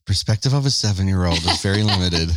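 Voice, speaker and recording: A man's voice: fairly low pitch, animated, normal speed, fairly bright tone, a little hiss or hum. A man co-hosting a podcast with his wife, talking candidly and acting out their past conversations. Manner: candid, self-deprecating, acts out past conversations. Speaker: podcast co-host. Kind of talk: casual couple's podcast chat.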